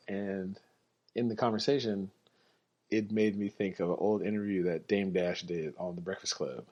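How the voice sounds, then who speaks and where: Man podcast host, low voice, loose rambling delivery, muffled home recording. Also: steady tone, moderate pace, a little mellow. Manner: rambling, self-correcting, quotes others in his own voice. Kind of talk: casual storytelling monologue. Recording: dull lo-fi recording.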